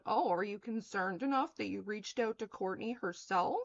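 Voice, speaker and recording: A woman's voice: mid-range voice, normal speed, creaky, hardly any pauses, dull audio. A woman in her thirties on a livestream, ranting in a blunt, profane, confrontational way. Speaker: streamer.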